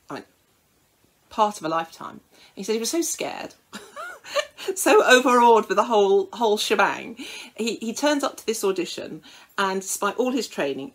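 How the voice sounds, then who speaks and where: A woman's voice: fairly low pitch, poor audio. A woman preaching a sermon in a conversational storytelling way, with frequent fillers.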